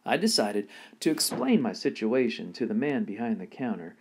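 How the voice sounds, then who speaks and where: A man reading a children's novel aloud in an expressive storytelling manner. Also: on the low side, moderate pace, a little hiss or hum. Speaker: reader.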